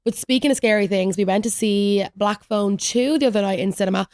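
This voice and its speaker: A young woman hosts her podcast, spilling stories fast and loose, full of "like" and quick asides. Her voice sits mid-range, and the sound is close and dry with no room around it. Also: medium pitch, darkish tone, no room sound. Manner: chatty, rambling storytelling with lots of "like". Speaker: podcast host. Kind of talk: solo podcast rant, casual chat.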